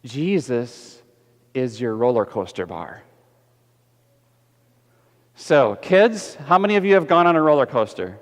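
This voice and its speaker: A man preaching a sermon as pastor, animated and putting questions to the congregation, kids included. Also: mid-range voice, unhurried, long pauses. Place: church sanctuary. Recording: echoey church hall.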